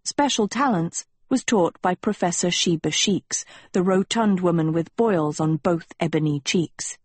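A woman narrating an audiobook in a measured storytelling manner. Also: on the low side, husky, dry recording.

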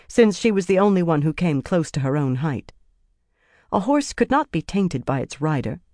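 A narrator reading a fantasy novel in a measured, steady audiobook style. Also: medium pitch, no room sound, studio quality.

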